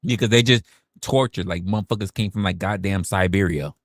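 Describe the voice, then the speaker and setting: A man's voice: sits low, brisk, no room sound, clean studio sound. A man hosting a livestream, talking in a casual rant full of rhetorical questions, profanity and stammered restarts. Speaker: livestream host.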